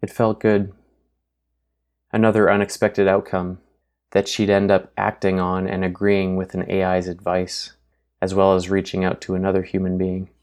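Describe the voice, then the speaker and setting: A man reading a novel aloud as an audiobook narrator in steady, even storytelling. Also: sits low, normal speed. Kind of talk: scripted narration.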